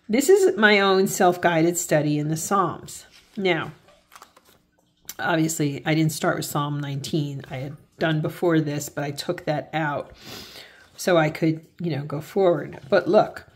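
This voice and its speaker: Chatty woman with a lowish voice. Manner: chatty, often restarts and corrects herself mid-sentence; heartfelt and earnest when speaking about faith. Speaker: faith and planner craft vlogger. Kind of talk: casual crafting tutorial chat.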